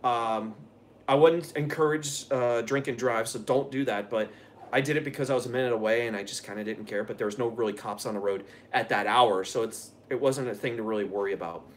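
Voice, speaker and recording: A medium-pitched man talks briskly while hosting a live stream and responding to chat. His stories wander, he swears freely, and he laughs a lot in this casual conversation.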